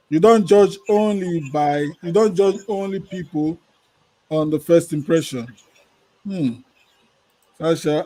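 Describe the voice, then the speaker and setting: A man hosting a podcast, reading out listener comments in a relaxed, chatty way. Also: a little high, rough recording. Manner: relaxed, chatty, laughs while reading names. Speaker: podcast host.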